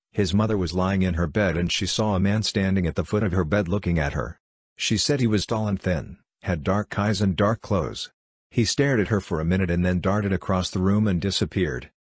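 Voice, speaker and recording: Low husky guy narrating ghost stories, dry close mic, steady delivery. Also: no echo. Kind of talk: reading ghost stories aloud.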